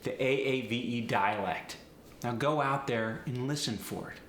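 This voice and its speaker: A bright-voiced male dialect coach with a mid-range pitch narrates an instructional video, demonstrating pronunciations slowly and deliberately. He speaks directly and encouragingly to viewers, recorded in an echoey room with faint noise.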